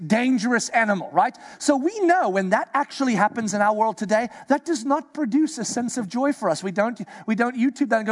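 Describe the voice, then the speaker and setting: A man preaching a sermon, animated and playful, slipping into acted-out voices for his asides. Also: high voice. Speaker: pastor.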